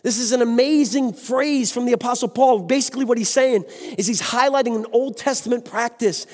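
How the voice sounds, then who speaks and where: A man's voice: extremely high pitch, a little fast. A man preaching a sermon with passion, exclaiming and speaking to the congregation. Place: church sanctuary. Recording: long hall reverb.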